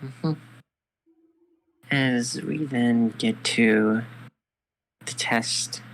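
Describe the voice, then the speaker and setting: Slow, casual woman telling a fan story. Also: extremely low pitch, low-quality recording. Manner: slow, casual, narrates and voices characters loosely. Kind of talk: improvised collaborative fan story.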